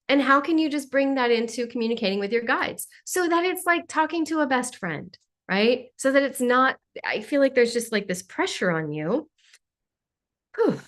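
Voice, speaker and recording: A woman's voice: fairly high pitch, animated, normal speed, fairly bright tone. Playful, jokey woman hosting a call. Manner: playful, jokey, sarcastic asides, mimics voices. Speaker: spiritual channeler hosting a live call. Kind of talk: casual spiritual Q&A on a live call.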